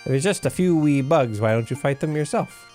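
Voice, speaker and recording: A man's voice: on the high side, animated, moderate pace, darkish tone, faint music behind, natural voice. A man voicing a cranky, suspicious male rodent warrior who talks bluntly. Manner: blunt, grumpy.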